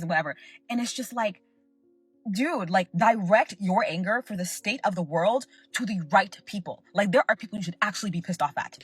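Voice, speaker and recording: A woman's voice: medium pitch, fast, slightly rough, no room sound. A young woman hosting her own show, giving an emphatic, rambling commentary full of filler words. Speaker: podcast host and content creator. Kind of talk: casual commentary rant.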